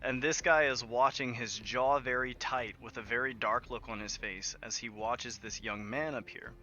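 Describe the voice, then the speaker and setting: A man's voice: mid-range voice, fairly even intonation, moderate pace, bright, forceful tone, highs cut off. A man narrating a tabletop game as game master in a casual, laughing way with many fillers, over an online voice call.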